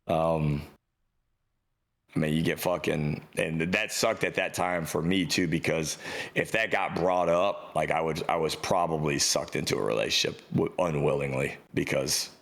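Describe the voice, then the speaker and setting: A man's voice: a bass voice, normal speed, creaky. A young man co-hosting a podcast in casual chat, telling stories with lots of swearing and acting out the other people in them. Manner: animated storyteller, swears freely, acts out quoted voices. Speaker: podcast co-host.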